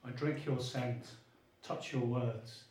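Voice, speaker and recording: A man reads his poem in an earnest, lyrical way, his voice pitched at an ordinary middle height. The room around him adds a noticeable echo. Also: steady tone, slow pace, darkish tone. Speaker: poet. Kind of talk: poetry reading. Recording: echoey room.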